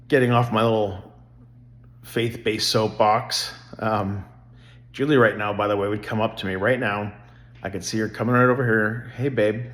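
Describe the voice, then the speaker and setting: Middle-aged man, lowish voice, earnest and rambling, casual family vlog talk. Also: fairly bright tone. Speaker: vlogger.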